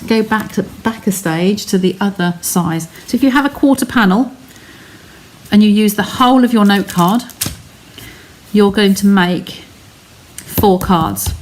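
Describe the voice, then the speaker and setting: A woman's voice: mid-range voice, animated, unhurried, a little mellow. A woman hosting a live craft stream from her home studio, explaining each step in a chatty way and talking to her viewers.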